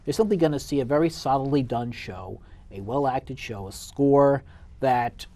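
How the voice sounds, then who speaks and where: A man theatre critic chatting about a show in a measured, summing-up way. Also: medium pitch, mellow. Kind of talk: casual review chat.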